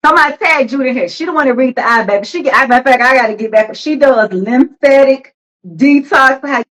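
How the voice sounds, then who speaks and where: A woman's voice: sits high, a little fast, fairly bright tone, low-quality recording. A woman, hosting a casual livestream and chatting loosely about spiritual matters and healing. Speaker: livestream host.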